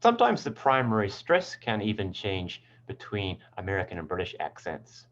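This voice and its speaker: A man talks through an English pronunciation lesson in a lowish voice whose pitch moves up and down a lot. He explains patiently, one step at a time. The recording sounds a little dull and lo-fi. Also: very animated, normal speed, fairly bright tone.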